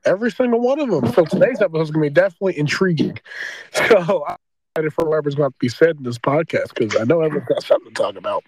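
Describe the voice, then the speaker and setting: A man's voice: a little high, expressive, rapid-fire, darkish tone, breathy edge, no echo, rough recording. A young man hosting a podcast with friends, loose and joking, laughing often. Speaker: podcast host. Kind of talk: casual podcast chat with friends.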